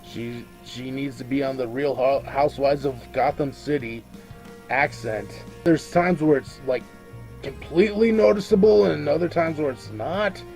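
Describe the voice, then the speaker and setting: A man's voice: medium pitch, normal speed, gravelly, a little mellow, soft background music. A drunk man giving a casual video review of a movie, rambling, swearing freely and tripping over his own words.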